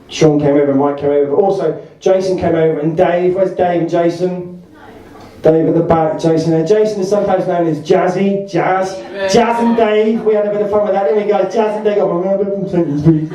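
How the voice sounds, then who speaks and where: A stand-up comedian in his 40s from Essex, England, tells rambling anecdotes at a party in a large hall, chatty and self-correcting. His voice is on the high side and brisk. The recording is echoey and far from the mic, with crowd noise.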